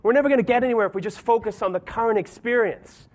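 A man's voice: very high-pitched, fast talker, pitched above the performer's own voice. A man putting on an eager American colleague. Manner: eager, upbeat, pushy. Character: enthusiastic American male colleague.

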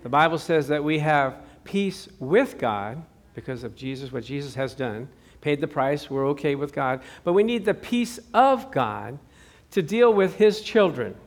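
A man's voice: a little high, lively intonation, unhurried. A male pastor giving a sermon, telling a personal story in a chatty way and calling out to the congregation. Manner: chatty storytelling with crowd call-outs.

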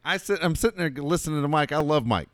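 A man's voice: on the high side, expressive, quick pace, a bit bright, no room sound. A man co-hosting a sports talk show who gives blunt, lecturing opinions. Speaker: sports radio co-host.

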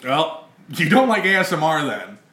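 Guy hosting a podcast, bright voice, kinda high, rambly and sweary, echoey room. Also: very animated, moderate pace. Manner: rambling, profane, laughs often. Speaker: podcast host. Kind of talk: casual chat.

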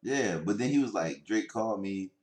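A man chatting casually as a podcast co-host, telling stories in a laid-back, drawn-out way. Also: on the low side, animated, roomy sound. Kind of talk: casual chat.

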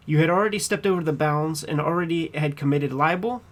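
A man acting out a dogged trial attorney cross-examining a witness in a courtroom transcript reading. His voice sits a little higher than most men's. He presses each point in a measured, pointed way. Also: natural voice. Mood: pressing.

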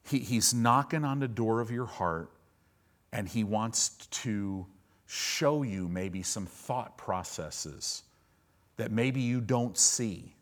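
Earnest male preacher. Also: lowish voice. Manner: earnest, building from quiet intimacy to loud fervor. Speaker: pastor. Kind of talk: sermon.

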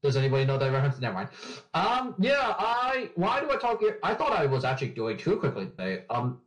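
Fast-talking, rambling podcast guest man. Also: a little high, wildly swooping pitch, poor audio. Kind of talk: casual interview chat.

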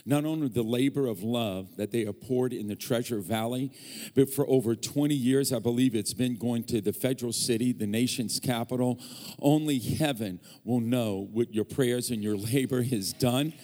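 A man's voice: medium pitch, moderate pace, dark tone. A man preaching a sermon as a guest preacher in a church sanctuary, joking and teasing the congregation as he talks. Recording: long church hall reverb.

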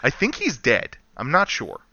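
A man chatting casually on a podcast, rambling and animated, laughing often. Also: medium pitch, normal speed, creaky, no echo, highs cut off. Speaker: podcast co-host. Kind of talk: casual chat.

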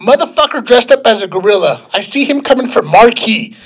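A man telling a story in a casual, profane, animated way, as a podcast co-host. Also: very high-pitched, fairly quick, slightly rough.

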